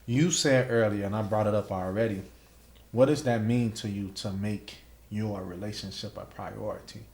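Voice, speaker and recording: Man, podcast host, lowish voice, roomy echo, emphatic casual chat. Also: fairly even intonation, moderate pace, darkish tone. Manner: emphatic, repeats "like" and "right?".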